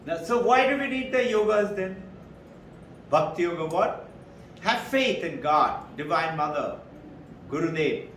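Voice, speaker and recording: High-voiced man teaching in a roomy hall. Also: slight background noise. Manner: animated storyteller who acts out quoted dialogue. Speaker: spiritual teacher. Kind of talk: spiritual talk to a live audience. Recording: roomy hall, mic at a distance.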